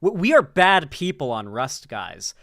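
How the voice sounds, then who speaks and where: A man's voice: on the high side, sing-song, a little slow, a bit bright, no echo, clean studio sound. A man streaming casual commentary, rambling with many repeated words and restarts. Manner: rambling, repeats words, laughs at own jokes.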